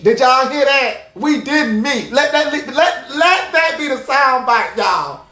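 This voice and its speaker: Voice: mid-range voice, animated, slow pace, sharp tone, reverberant. A livestream host chatting casually to viewers in a sassy, emphatic way, repeating phrases for effect. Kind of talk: casual live commentary to viewers.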